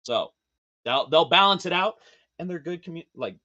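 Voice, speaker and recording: A man as a podcast guest in casual chat, animated and profane, laughing often. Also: fairly high pitch, normal speed, highs cut off.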